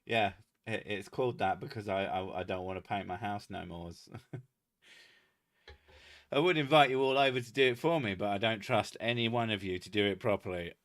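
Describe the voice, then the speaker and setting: A British man with a lower, bright and forceful voice chats loosely with viewers. He laughs often, swears freely and mocks himself between comments. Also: moderate pace. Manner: laughing, self-mocking, swearing. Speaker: host. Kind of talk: casual chat reading viewer comments.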